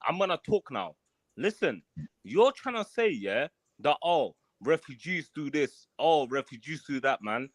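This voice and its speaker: A man's voice: on the high side, very animated, measured pace, no room sound. A man calling into a live online panel, heated and insulting, full of street slang.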